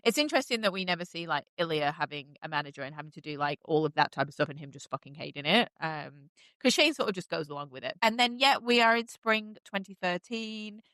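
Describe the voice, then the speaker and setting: A woman's voice: fairly low pitch, lively intonation, quick pace, sharp tone, clean tone, no room sound. A woman hosting a podcast, recapping a TV show in casual, enthusiastic chat with lots of fillers. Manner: chatty and enthusiastic, many fillers. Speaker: podcast host.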